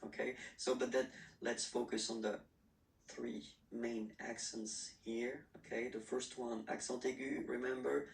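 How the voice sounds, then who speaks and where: A man's voice: mid-range voice, level tone, measured pace, vocal fry. A man teaching a beginner French lesson, talking patiently and checking in with "okay?" after nearly every phrase. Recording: roomy echo, mic at a distance.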